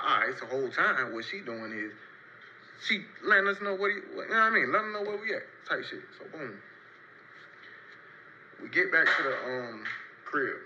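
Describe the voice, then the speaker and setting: A young man telling a casual story-time tale in loose, rambling, slang-heavy talk, marking each turn with a quick "so boom.". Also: bright, forceful tone, muffled recording, a little hiss or hum. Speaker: storyteller in a played clip.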